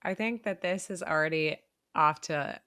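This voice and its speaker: Effusive woman host with a low voice. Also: moderate pace, clean tone, no echo, studio quality. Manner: warm, effusive, chatty. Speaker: podcast host. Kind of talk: casual interview.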